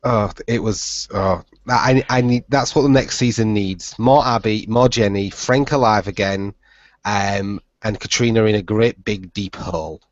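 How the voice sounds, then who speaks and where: A man's voice: fairly low pitch, a little slow, dry recording. A man co-hosting a podcast in casual chat, sarcastic and emphatic, laughing often. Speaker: podcast co-host. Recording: muffled dry podcast audio.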